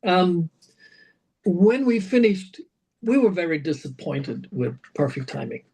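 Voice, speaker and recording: Animated storytelling man, slightly high voice. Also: unhurried, husky, rough recording. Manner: animated anecdotes full of fillers and restarts. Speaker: rock singer guest. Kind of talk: casual interview storytelling.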